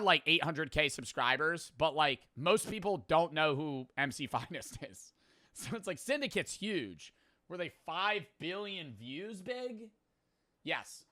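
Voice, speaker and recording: A young man in his twenties giving excitable live commentary as he plays a game, muttering low and then shouting, swearing freely. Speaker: gaming streamer. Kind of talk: live gaming commentary to chat.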